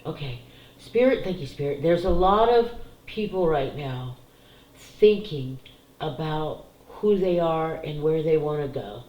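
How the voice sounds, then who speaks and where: A middle-aged psychic doing card readings speaks a little slowly in a deep voice with lively intonation. Casual and to camera, she shares candid, emotional thoughts on family and spiritual cards, crying at times and swearing freely. The sound is reverberant and dull.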